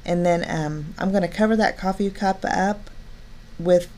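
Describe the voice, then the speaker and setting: A woman's voice: on the low side, measured pace, darkish tone, slight background noise. A cheerful, chatty woman talking through each step of a card-making craft tutorial. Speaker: crafting channel host.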